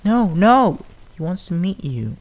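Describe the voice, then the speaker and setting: A man doing a timid, soft-spoken pony mare from a storybook, pleading and gentle, voice lifted well above his own. she talks shyly, almost apologising as she goes. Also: a little high, lively intonation, normal speed, voice pushed up. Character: timid gentle female pegasus caretaker. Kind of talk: fan audiobook reading.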